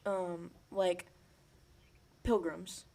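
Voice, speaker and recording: Slow, hesitant young man. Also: high-pitched, flat delivery, creaky, mellow. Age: young adult. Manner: hesitant, full of ums and pauses. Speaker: podcast co-host. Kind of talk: casual chat.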